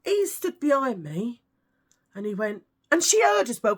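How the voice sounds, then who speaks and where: A woman's voice: fairly high pitch, sing-song, moderate pace. A British woman vlogging, telling stories to camera in a chatty, ranting way with lots of asides. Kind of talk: casual storytelling to camera.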